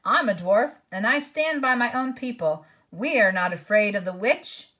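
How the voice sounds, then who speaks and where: A woman's voice: fairly high pitch, lively intonation, moderate pace, sharp tone. Woman doing a surly male dwarf, cold and grumbling, storybook reading. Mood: bitter. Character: bitter, defiant male dwarf.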